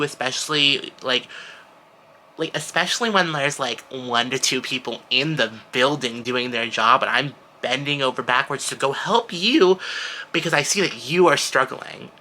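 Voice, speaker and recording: Bright, animated teenage guy vlogging. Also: a little hiss or hum, low-quality recording. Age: teens. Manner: animated, exasperated storytelling with big pitch jumps. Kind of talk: casual chat to camera.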